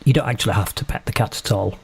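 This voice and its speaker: A man's voice: on the low side, racing, vocal fry, a little mellow, a little hiss or hum. A man casually commenting on his own gameplay while streaming, chatty and self-mocking as he talks to himself.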